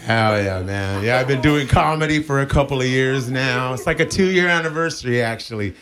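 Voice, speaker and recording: A man's voice: mid-range voice, brisk, fairly bright tone. A man in his forties doing a live stand-up set. He rambles crudely, stammers through restarts and laughs at his own jokes. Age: 40s. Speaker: stand-up comedian. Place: live comedy venue with audience. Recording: live crowd laughter behind.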